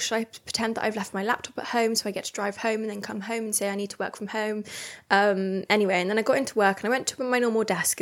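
A young woman talking alone into her podcast mic, open and unguarded. She rambles through a personal story with restarts and acts out her own thoughts as she goes. Her pitch sits in the middle for a woman. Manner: candid, rambling storytelling with self-talk and restarts. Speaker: podcast host. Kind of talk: solo confessional podcast chat.

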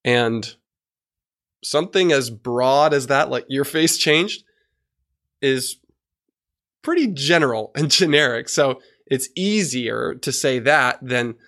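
A man's voice: medium pitch, expressive, slow, fairly bright tone. A man hosting an instructional podcast, explaining listening skills and demonstrating changes in his volume and speed. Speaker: podcast host and coach.

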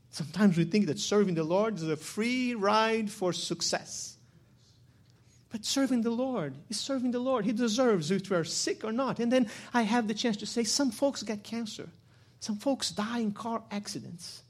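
A male pastor preaching a sermon, moving between quiet, reflective passages and loud, emphatic ones. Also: high voice, husky.

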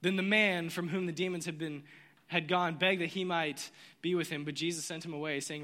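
A man preaching a sermon, telling the story with lively energy and acting out the voices of its characters. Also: on the high side, brisk, big-room sound. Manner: animated storytelling, acts out voices. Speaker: pastor.

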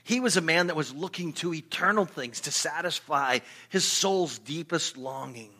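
A pastor delivering a sermon in a bright, forceful voice that sits a little high for a man. He speaks earnestly and with emphasis, doubling up words as he drives his points home. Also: lively intonation, normal speed.

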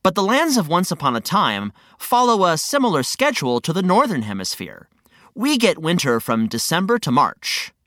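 A woman voicing a friendly, patient male guide who gently explains things. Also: fairly low pitch, big pitch swings, normal speed, no room sound, clean studio sound.

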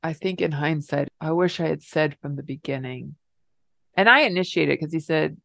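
A middle-aged woman, a podcast co-host, telling a personal story in an emotional, animated way. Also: sits low, fairly quick, vocal fry, no echo, clean studio sound. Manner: emotional, animated retelling with laughs.

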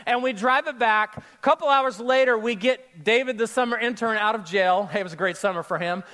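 A pastor with a notably high voice tells a story from the pulpit. He speaks straight to the congregation in a lively, storytelling way. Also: fairly quick. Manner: storytelling, animated, addresses crowd directly. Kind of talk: sermon with personal story.

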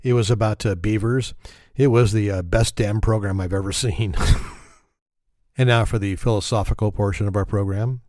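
A man with a fairly low voice reels off dad jokes one after another. He mocks himself and laughs at his own puns. The sound is close and dry, with no room echo. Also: fairly even intonation, moderate pace, darkish tone. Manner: self-mocking, chuckles at his own jokes. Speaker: joke teller. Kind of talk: telling dad jokes to camera.

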